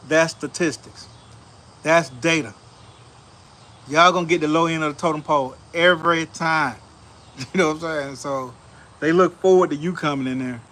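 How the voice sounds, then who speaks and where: High-pitched guy, bright voice, laughing slangy porch storytelling, faint crickets behind. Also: slight background noise. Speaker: show host. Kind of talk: casual storytelling chat. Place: outdoors on a back porch.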